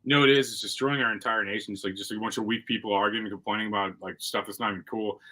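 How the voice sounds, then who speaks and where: Fast, bright-voiced blunt man. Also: on the low side, fairly even intonation, poor audio. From United States. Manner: blunt, mocking, full of "I mean" and "like". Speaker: podcast host. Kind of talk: casual podcast chat.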